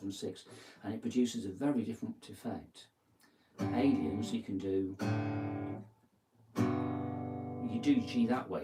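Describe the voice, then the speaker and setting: A man giving a relaxed guitar lesson, thinking aloud and counting out beats as he plays. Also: lowish voice. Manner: thinking aloud, counts beats and sings lyric snippets while playing. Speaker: guitar teacher. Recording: distant mic with guitar playing.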